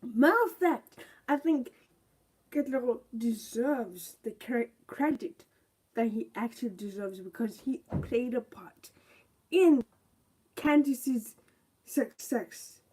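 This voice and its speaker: Indignant high-voiced woman reviewing TV. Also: slow, a little mellow, breathy edge. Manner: indignant, exasperated, repeats rhetorical questions. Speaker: TV show reviewer. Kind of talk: live review rant.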